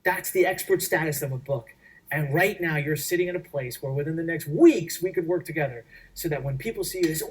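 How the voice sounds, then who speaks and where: A man presenting a workshop, giving an energetic sales pitch in an emphatic, repetitive way. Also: a little fast, breathy edge, recorded from a distance, rough recording. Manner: emphatic, repetitive, acts out quoted voices.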